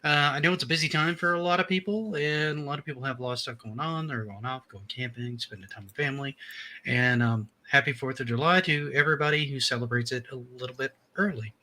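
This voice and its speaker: A man's voice: medium pitch, quick pace, pushed and bright. A man hosting a casual live-stream chat, friendly and chatty, laughing often. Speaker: podcast host.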